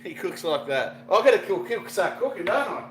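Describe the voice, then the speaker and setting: Australian man, middle-aged, chatty and rambling, slightly high voice, roomy echo, faint hum behind. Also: very animated, brisk, fairly bright tone. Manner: rambling, chatty, greets viewers, casual slang. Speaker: fishing vlogger cooking on a livestream. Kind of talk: casual livestream chat.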